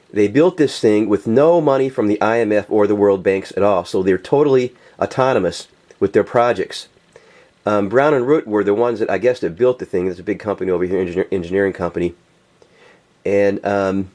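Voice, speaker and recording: A political video commentator rants in a casual, profane monologue, his voice mellow and on the low side. He talks directly to viewers, filling his speech with fillers and restarts.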